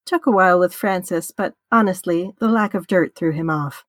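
A woman's voice: on the low side, normal speed, dry recording. A woman narrating a fan fiction audiobook in a wry, conversational way with casual swearing.

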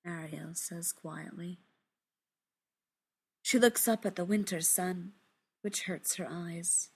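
A woman reading a literary story aloud in a hushed, measured, intimate way, often dropping into a whisper. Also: on the low side, creaky, breathy edge.

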